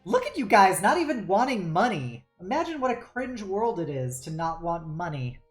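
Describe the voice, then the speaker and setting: A woman's voice: medium pitch, very animated, moderate pace, soft background music. A woman streaming a game live, reading its text aloud in a playful, mock-dramatic way and laughing often.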